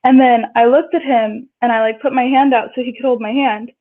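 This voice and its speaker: A chatty woman with a high voice, telling a story and jumping up in pitch whenever she acts out what people said. She comes through a thin, tinny phone line, with the audio squeezed and narrow. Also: fairly even intonation, a little fast. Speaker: guest. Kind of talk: casual storytelling.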